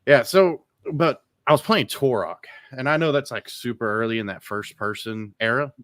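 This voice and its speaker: A man of middle pitch sits in as guest co-host on a casual show. He rambles, grumbles with frustration, and freely admits he is bad at the games he plays. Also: moderate pace, a bit bright, dry recording, studio quality. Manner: rambling, self-deprecating, griping with frustration. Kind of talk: casual podcast chat.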